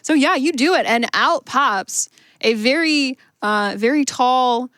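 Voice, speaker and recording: A woman running a live tabletop game as game master, narrating playfully with quick improvised asides. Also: high-pitched, fairly bright tone, no room sound, studio quality. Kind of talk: live tabletop role-play at a charity marathon. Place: live charity marathon stage.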